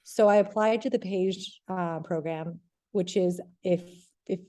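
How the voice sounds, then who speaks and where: A woman's voice: on the low side, a little slow. Chatty woman telling a rambling story. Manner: rambling, heavy use of "like", animated retelling. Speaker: TV sports reporter, guest. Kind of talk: casual interview storytelling.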